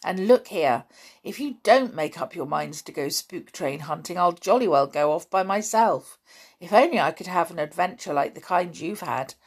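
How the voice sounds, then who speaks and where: A woman voicing an excited schoolboy who longs for an adventure, eager and hearty. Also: fairly low pitch, moderate pace, breathy edge.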